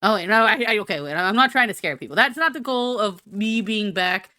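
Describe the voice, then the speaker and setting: Lively, bright-voiced woman rambling. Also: medium pitch, fairly quick, no room sound. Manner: silly, rambling, self-mocking. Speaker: streamer. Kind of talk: rambling be-right-back rant.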